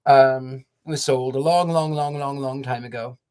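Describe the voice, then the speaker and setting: A man's voice: mid-range voice, steady tone, moderate pace, darkish tone, clean tone. An older man hosting a story-reading show, reading a children's book aloud and then chatting to viewers in sentimental, rambling asides. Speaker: storyteller host.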